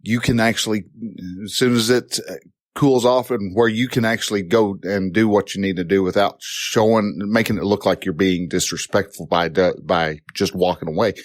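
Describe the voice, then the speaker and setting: A man with a lowish voice talks through advice in a loose, unscripted way, circling back and restarting his sentences. He grows louder and more animated when a point excites him. The sound is dry and close, with no room echo. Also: normal speed. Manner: rambling, with many restarts and fillers. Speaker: podcast host giving advice.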